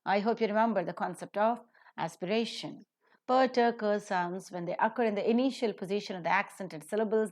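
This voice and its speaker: A woman teaching pronunciation in a recorded lecture, slowing down to stress example sentences. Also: medium pitch, darkish tone.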